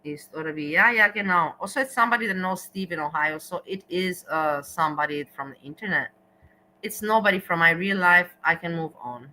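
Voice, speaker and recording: A woman's voice: lowish voice, a little fast, sharp tone, slight background noise, low-quality recording. A woman hosting a casual livestream, talking straight to her viewers and slipping in German words. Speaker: livestream host.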